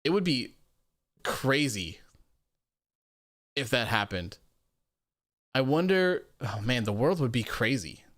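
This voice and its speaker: A man's voice: mid-range voice, very animated, slow pace, long pauses, a bit bright, dry recording, studio quality. A young man hosting a live wrestling post-show, chatting casually, reading viewer comments aloud and laughing often.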